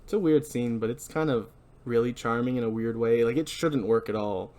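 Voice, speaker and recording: A man's voice: mid-range voice, fairly quick, darkish tone. A man hosting a podcast, chatting casually and rambling about a movie. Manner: chatty, rambling, self-interrupting with laughs. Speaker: podcast host. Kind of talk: casual movie review chat.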